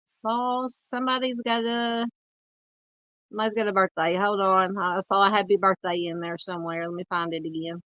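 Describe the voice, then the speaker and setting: A woman's voice: medium pitch, steady tone, a bit bright, no room sound, muffled recording. Southern woman chatting through a livestream. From United States. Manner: rambling, halting, lots of fillers while searching the screen. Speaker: true crime livestream host. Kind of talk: casual livestream chat reading comments.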